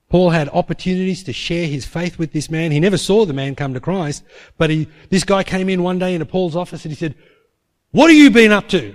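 A man preaching a sermon, telling a story emphatically and dropping to a hush for quoted prayers. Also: fairly high pitch.

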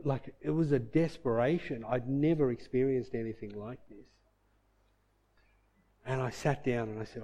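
A middle-aged man gives an earnest, emotional personal faith testimony, full of fillers and reenacted quotes. His voice is a little high, mellow and fairly quick.

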